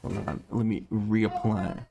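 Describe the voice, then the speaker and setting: Lower-voiced chatty male streamer. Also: little pitch movement, slow, creaky, noisy background. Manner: chatty and playful, laughs often, thinks aloud. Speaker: game streamer. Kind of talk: casual live-stream chat while gaming. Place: home room.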